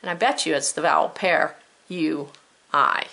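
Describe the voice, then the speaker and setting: A woman's voice: sits low, normal speed, creaky, bright, forceful tone. A woman teacher giving a recorded spelling lesson to children, patient and encouraging, stretching out the sounds of words.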